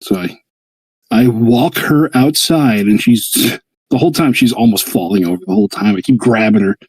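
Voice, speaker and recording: A man's voice: normal speed, husky, dry recording, rough recording. A man, host of a hobby livestream, telling a long story in casual chat and acting out the quotes with big jumps in his voice. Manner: animated, acts out quotes with jumps in pitch.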